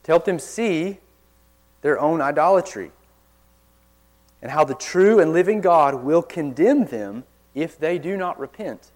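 Earnest male preacher with forceful emphasis. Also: fairly high pitch, expressive, measured pace, long pauses. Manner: earnest, forceful emphasis with sudden quiet drops. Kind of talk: sermon. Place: church.

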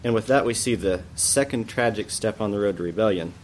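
A man's voice: on the low side, brisk, slight background noise. A man teaching an adult church Bible class, explaining a passage in a thoughtful way and often asking questions aloud.

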